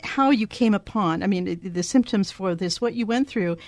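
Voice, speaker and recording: A woman's voice: mid-range voice, normal speed, darkish tone, no echo. A woman hosting an interview, asking questions hesitantly with many fillers. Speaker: host.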